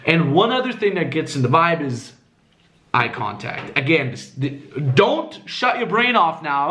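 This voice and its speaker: A man coaching in casual talk, animated, swearing freely and acting out different tones with high squeaky swoops. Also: a little slow, a little hiss or hum. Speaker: dating coach.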